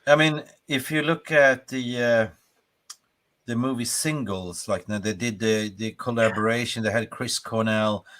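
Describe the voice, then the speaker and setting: Bright-voiced man in casual podcast chat. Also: medium pitch, unhurried. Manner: animated, breaks into snatches of song. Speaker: podcast co-host.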